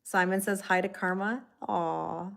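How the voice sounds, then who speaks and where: A woman's voice: mid-range voice, steady tone, a little slow, creaky, fairly bright tone. A woman hosts a casual livestream tarot reading in an ordinary mid-range voice. She rambles and chats with viewers by name. Her talk is full of "like" and restarts. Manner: heavy use of "like" and restarts. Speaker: tarot reader.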